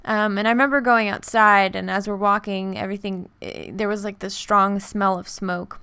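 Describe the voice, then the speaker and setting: Young new woman telling a personal story on her vlog, soft and halting, smooth voice, dry close sound. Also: mid-range voice, steady tone, no room sound. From New York. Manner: soft, hesitant, halting with many restarts. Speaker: art vlogger.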